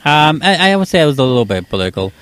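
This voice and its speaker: A man co-hosting a casual chat, easygoing and quick to ask questions. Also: fairly high pitch, sing-song, a bit bright, clean tone, no echo. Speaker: podcast co-host. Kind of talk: casual chat about movies.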